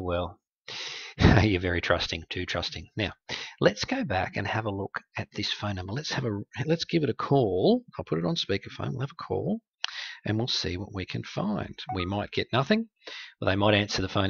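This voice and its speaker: A man's voice: lowish voice, gravelly, slightly rough, no echo, dull audio. A man hosting a walkthrough that exposes scam websites, speaking in a wry, conversational, explanatory way. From Australia. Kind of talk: screen-recorded walkthrough.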